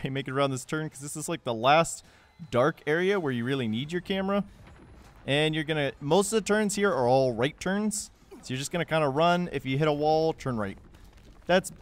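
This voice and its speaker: Smooth-voiced young man, joking game walkthrough. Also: mid-range voice. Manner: joking, sarcastic asides with goofy put-on quotes. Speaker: game guide narrator. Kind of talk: casual walkthrough commentary.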